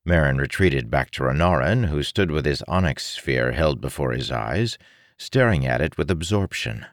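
A man narrating a fantasy novel in a measured, expressive storytelling manner. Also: extremely low pitch, no room sound, clean studio sound. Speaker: audiobook narrator.

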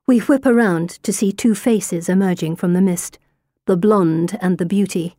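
A woman reading a first-person story aloud as an audiobook narrator, in a steady, wry storytelling way. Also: mid-range voice, moderate pace, no echo, clean studio sound.

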